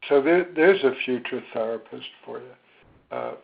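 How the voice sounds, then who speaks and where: A man speaking as a psychologist in a webinar, gentle and reflective, with many ums and pauses. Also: medium pitch, huge pitch swings, gravelly. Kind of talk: slow, thoughtful webinar talk. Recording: tinny phone-line sound.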